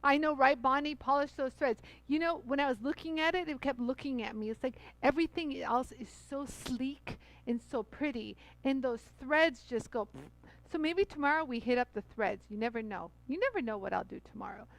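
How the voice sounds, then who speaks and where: Middle-aged woman, high voice, effusive live-stream host who chats nonstop with viewers. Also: normal speed, rough recording. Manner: bubbly, chatty, many fillers, addresses viewers as "you guys". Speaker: host of a live jewelry tool demo. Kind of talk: live-stream product demo.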